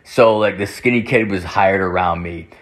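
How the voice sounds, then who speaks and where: A young man with a lowish voice tells a long story in loose, casual talk. He rambles, swears constantly, and leans on "like" between nearly every phrase. He often acts out quoted lines from other people. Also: normal speed.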